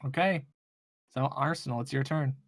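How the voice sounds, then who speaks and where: A man's voice: medium pitch, fairly even intonation, moderate pace, no room sound, studio quality. A man running a tabletop game as game master, thinking aloud with hesitant restarts.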